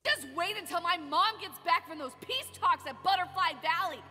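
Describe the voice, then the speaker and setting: A woman's voice: extremely high pitch, moderate pace, sharp tone. A woman voicing a bored, flippant young princess in an abridged parody cartoon, talking in casual slang, with reverb and background music. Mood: defiant.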